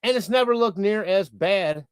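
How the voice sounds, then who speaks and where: A man putting on a high, silly accented voice to read out a viewer's chat message during a live stream. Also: expressive, moderate pace, clean tone, no echo, studio quality. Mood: jokey.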